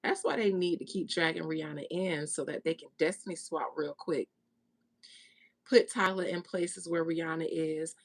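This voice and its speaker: A woman's voice: low voice, normal speed, gravelly. Blunt, gossipy woman reader. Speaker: tarot reader. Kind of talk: casual monologue, spiritual reading.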